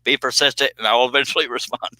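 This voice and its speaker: A man's voice: mid-range voice, fairly even intonation, racing, bright, forceful tone, no echo, rough recording. A man hosting a casual woodworking livestream, joking around and reading viewer comments aloud while he cuts. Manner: jokey, folksy, reads chat comments aloud. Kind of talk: casual livestream chat while scroll-saw cutting. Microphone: headphones with computer mic.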